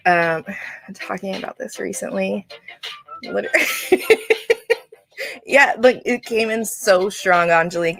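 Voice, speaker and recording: Lady doing a casual live reading, lots of ums and laughing, kinda low voice, soft music in the back. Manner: chatty, laughs often, many fillers and restarts. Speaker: psychic reader on a livestream. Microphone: livestream setup.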